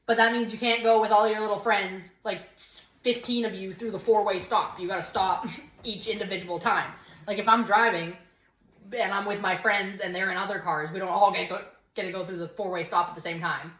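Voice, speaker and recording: A young woman co-hosts a casual chat and rants, worked up and sarcastic, peppering her talk with "like". Her voice sits at an ordinary middle pitch. The room around her rings with a noticeable echo. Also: steady tone, brisk, fairly bright tone. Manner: worked-up, sarcastic ranting with lots of "like". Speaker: podcast co-host. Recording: roomy echo.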